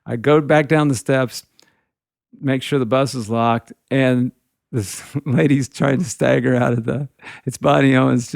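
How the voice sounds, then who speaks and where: Gravelly man spinning rambling road stories. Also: mid-range voice, steady tone, unhurried, no room sound, clean studio sound. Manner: rambling anecdotes peppered with "you know". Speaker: guitarist telling tour stories. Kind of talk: casual storytelling.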